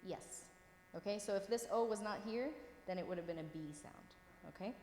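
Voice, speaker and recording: A woman with a medium-pitched, slightly mellow voice teaches language at a brisk pace. She reads words for her students and frequently makes sure they follow, always patient and encouraging. There's a long, roomy reverb and some faint background noise.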